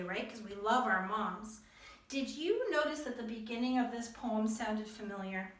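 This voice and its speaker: A woman's voice: fairly high pitch, fairly bright tone, reverberant, far from the mic. A woman teaching young children to read, patient and encouraging, spelling out words letter by letter. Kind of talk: reading lesson for young children.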